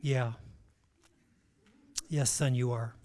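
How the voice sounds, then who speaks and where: A man voicing a calm, solemn middle-aged father who is confirming something hard while telling a story in a sermon. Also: medium pitch, very slow, voice pushed down.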